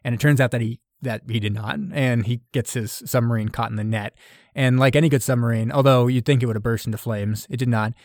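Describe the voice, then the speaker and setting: A man's voice: mid-range voice, fairly even intonation, a little mellow, no room sound, studio quality. Casual man recapping a film. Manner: rambling retelling with quick acted quotes. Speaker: podcast co-host.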